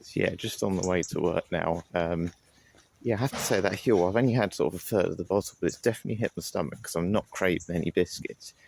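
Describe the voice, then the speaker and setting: A man's voice: deep voice, fast, vocal fry, a little mellow. A young man chatting casually to his phone while out running by the sea, with lots of fillers and a self-deprecating manner. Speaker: vlogger. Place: outdoors by the sea. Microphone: handheld phone.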